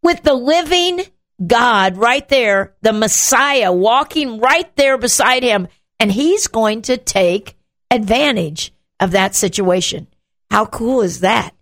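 A woman hosting a show, teaching from the Bible in an animated way and acting out the quotes. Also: a little high, slow pace. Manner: animated, acts out the quotes, shouts them.

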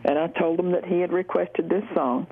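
A guest calling in to a Christian radio show, telling a personal story in a gentle, affirming way. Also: mid-range voice, steady tone, a little fast, vocal fry, a little hiss or hum. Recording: tinny phone line.

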